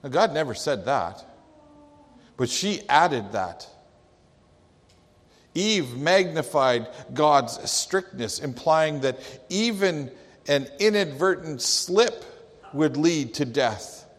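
A man's voice: fairly high pitch, expressive, slow pace. A male pastor preaching a sermon with emphatic delivery, quoting scripture. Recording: long hall reverb.

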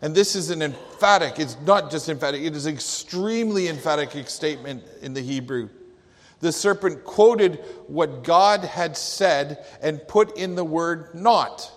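A man's voice: fairly high pitch, measured pace. A male pastor preaching a sermon with emphatic delivery, quoting scripture. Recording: long hall reverb.

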